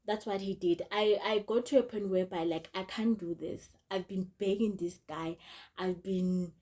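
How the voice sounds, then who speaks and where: A woman's voice: medium pitch, steady tone, moderate pace, dark tone. A young woman, telling a storytime vlog in a chatty way, repeating herself and often calling out to her viewers. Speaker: vlogger.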